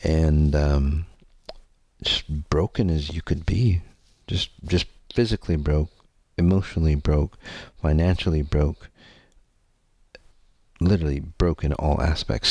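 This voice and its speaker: A man's voice: very deep voice, darkish tone, husky, dry recording. A man hosting his own podcast, telling a personal story in a candid, meandering way, swearing freely and using many fillers. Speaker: podcast host.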